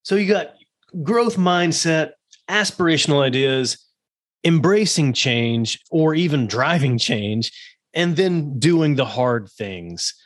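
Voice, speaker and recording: A man's voice: a little high, expressive, slow pace, dry recording, studio quality. A man hosting a podcast interview, agreeable and reflective, summing up points before asking questions. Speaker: podcast host.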